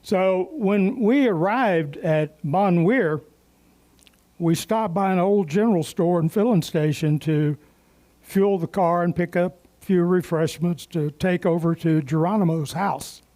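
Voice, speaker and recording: A man hosts a club meeting, spinning folksy jokes and stories in a relaxed raconteur's manner. His voice is fairly high for a man but warm and mellow. He speaks slowly and takes his time. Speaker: meeting emcee.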